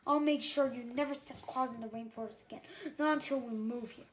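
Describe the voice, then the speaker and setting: A woman's voice: on the high side, fairly even intonation, a little fast, lightly acted. A woman voicing a scolding male elder dragon. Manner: bellowing, hissing, scolding.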